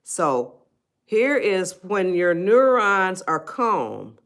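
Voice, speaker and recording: A woman's voice: lowish voice, very animated, very slow, a bit bright. Woman, live-stream host, casual, coaxing, talks straight to viewers. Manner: chatty, coaxing viewers, restarts and rewinds. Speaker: livestream host, life coach.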